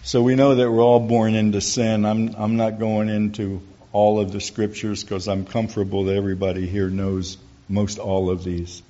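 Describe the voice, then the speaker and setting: A middle-aged man with a lowish voice tells his testimony to a church crowd in a folksy, storytelling way. He acts out the voices of the people he quotes. The recording sounds dull and lo-fi. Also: level tone, normal speed, hardly any pauses, dark tone. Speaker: church speaker giving a testimony. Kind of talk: testimony talk to a church audience.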